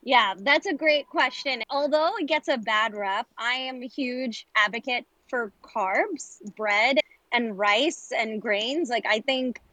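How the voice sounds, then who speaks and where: A woman with a New York accent, a guest chef talking candidly and quickly in a relaxed interview chat. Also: a little high, no echo, rough recording. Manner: candid, chatty, quick asides.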